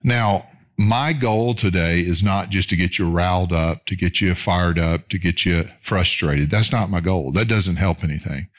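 A middle-aged male pastor preaching a sermon in an earnest, measured way, slowing down to stress key phrases. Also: sits low.

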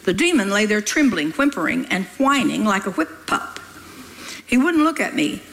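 A woman's voice: mid-range voice, sing-song, moderate pace, creaky, fairly bright tone. An older woman preaching, telling a story in a folksy, scolding way with laughing asides. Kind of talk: sermon storytelling.

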